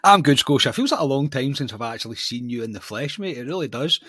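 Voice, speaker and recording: A Scottish man co-hosting a football podcast, animated and chatty, dropping "mate" into nearly every sentence. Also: mid-range voice, fast, breathy edge, no echo, studio quality. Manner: animated storyteller, says "mate" constantly. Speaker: podcast co-host. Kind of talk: casual football chat.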